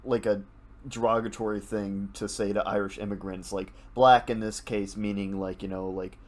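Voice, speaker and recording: A man's voice: fairly low pitch, flat delivery, normal speed. A man co-hosting a podcast in casual chat, joking in a dry, offhand way. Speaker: podcast co-host.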